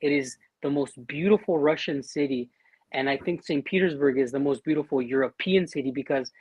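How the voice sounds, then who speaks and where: A Mexican American man, a guest on a livestream chat, who speaks earnestly and haltingly, often restarting his sentences. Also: medium pitch, a little mellow, husky, no room sound. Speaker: guest, war veteran living in Siberia.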